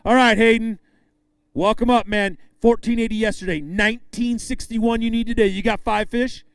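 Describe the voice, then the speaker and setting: A man emceeing a live fishing tournament weigh-in, upbeat, calling out names and weights with drawn-out emphasis. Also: high-pitched, fairly even intonation, vocal fry, clear, resonant tone, no echo.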